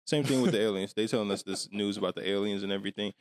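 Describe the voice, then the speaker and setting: A man's voice: on the low side, rapid-fire, dry recording. A man co-hosting a podcast in casual chat, talking in a skeptical, questioning, conspiratorial way. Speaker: podcast co-host.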